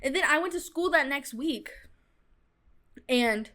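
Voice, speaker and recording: A young woman with a lilt tells a story from her own life in loose, chatty podcast talk, full of "like" and "dude." Her voice sits a bit higher than most women's. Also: unhurried. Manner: chatty, animated retelling with fillers like "like" and "dude". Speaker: podcast host. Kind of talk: casual storytelling.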